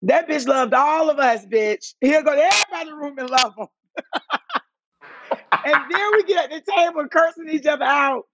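A woman's voice: high-pitched, moderate pace, no echo. A woman chatting as a podcast guest, telling stories with lots of swearing and laughter. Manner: profane, laughing, animated storyteller. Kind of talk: casual interview chat.

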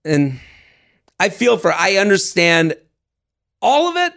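Gravelly man in lively podcast chat. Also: sits high, slow pace. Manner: animated, jokey, lots of restarts. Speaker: podcast co-host. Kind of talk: casual chat.

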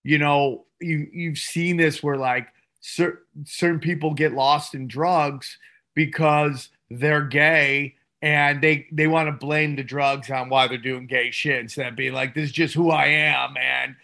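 A man co-hosting a comedy podcast in casual chat, excitable with loud laughing bursts. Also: a little high, unhurried. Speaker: podcast co-host.

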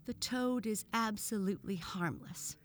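A woman's voice: medium pitch, measured pace, slight background noise, voice pushed up, natural voice. Woman doing a pompous frog professor. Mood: scolding. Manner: formal lecturing tone. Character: pompous male frog professor, lecturing, stern.

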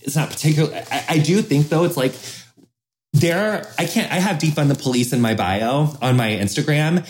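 A man's voice: on the high side, normal speed. A man hosting a podcast in casual conversation, rambling and emphatic, swearing often. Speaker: podcast host.

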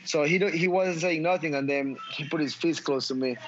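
A mixed martial arts fighter gives a post-fight interview in a slightly high, brisk voice. He speaks emphatically, swearing a lot, stumbling and repeating words. The audio is dull, with clear background noise.

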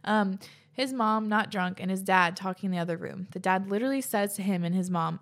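A woman's voice: medium pitch, brisk. A young woman host reading listeners' stories aloud and reacting between them, chatty and laughing often, swearing casually.

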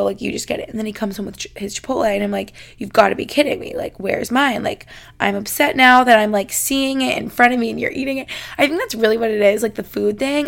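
A woman's voice: a little high, creaky. A young woman hosting a casual podcast, reading listener confessions and chatting about them, saying "like" constantly. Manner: chatty, says "like" constantly, laughs while reading. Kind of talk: casual chat.

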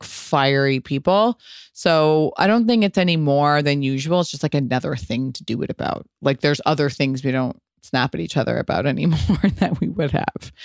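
A woman's voice: deep voice, clear, resonant tone, no room sound, studio quality. Candid, profane woman podcast host. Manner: candid, profane, animated storytelling. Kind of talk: casual solo podcast answering listener questions.

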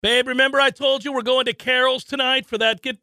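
A man's voice: very high-pitched, level tone, a little fast, sharp tone, no echo, clean studio sound, voice pushed up, full character voice. A male radio host voicing a nagging wife who insists on a dinner visit, in a raised voice. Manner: insistent, scolding.

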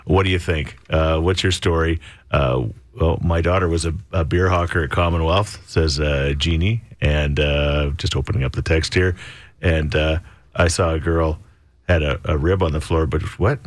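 A man's voice: very deep voice, fairly even intonation, moderate pace, no room sound. A middle-aged man hosting a radio morning show, chatting casually, reading listener texts and laughing often. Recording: music bed behind the voice.

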